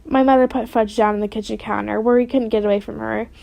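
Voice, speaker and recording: A woman reading a children's chapter book aloud in steady storytelling narration. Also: fairly high pitch, fast talker, creaky, no room sound. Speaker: reader.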